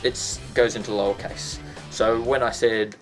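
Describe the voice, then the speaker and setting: A man's voice: on the low side, steady tone, measured pace, faint music behind. A man teaching a casual lesson, chatty and full of ums and restarts, breaking into sound effects.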